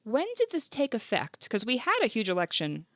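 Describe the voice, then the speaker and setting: A woman hosting a casual podcast interview, animated and playful, reacting with quick exclamations. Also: fairly high pitch, no room sound, studio quality. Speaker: podcast host.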